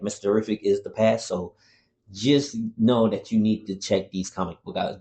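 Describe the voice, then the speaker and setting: Mellow-voiced man ranting about comics. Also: lowish voice. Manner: rambling, excitable, with casual swearing. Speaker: comic book reviewer. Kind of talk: casual spoken review.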